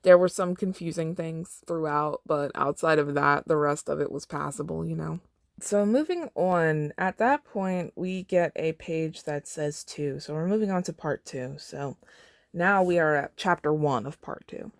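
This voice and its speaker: A young woman with a notably low voice reads fan fiction aloud, dropping wry, casual asides between passages. The sound is dry and close, with no room echo. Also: measured pace. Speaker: podcast host.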